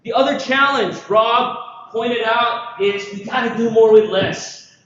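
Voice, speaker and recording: High-voiced man joking through a conference talk. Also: measured pace, a little hiss or hum. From Philippines. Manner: lively, joking, full of rhetorical questions. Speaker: conference speaker. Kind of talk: energetic conference presentation. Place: large conference hall. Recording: echoey, dull hall recording.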